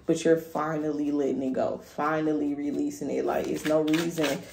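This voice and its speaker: A woman's voice: low voice, level tone, normal speed, gravelly. A woman giving a casual tarot reading in a candid, profane way, hyping up her listener. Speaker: tarot reader. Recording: echoey room with faint noise.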